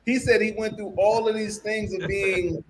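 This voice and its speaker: A man on a podcast chatting casually, expressive and laughing through his stories. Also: high voice, normal speed, slight background noise, poor audio.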